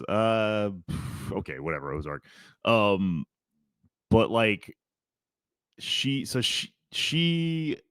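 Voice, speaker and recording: A man's voice: deep voice, fairly bright tone, clear, resonant tone, no echo. A man co-hosting a podcast, rambling loosely through a movie recap with lots of fillers and restarts. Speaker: podcast co-host. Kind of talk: casual chat.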